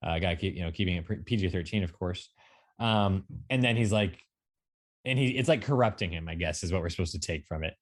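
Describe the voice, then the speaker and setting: Rambling low-voiced man reviewing a film. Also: fast talker. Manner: rambling, many fillers and restarts. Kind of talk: casual chat.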